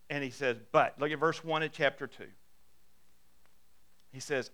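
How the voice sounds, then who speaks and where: A man's voice: a little high, lively intonation, normal speed, vocal fry, long pauses, bright, forceful tone, clean tone. A man preaching a sermon in a conversational storytelling way, acting out quotes and asking his listeners questions. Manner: asks the congregation questions. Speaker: pastor.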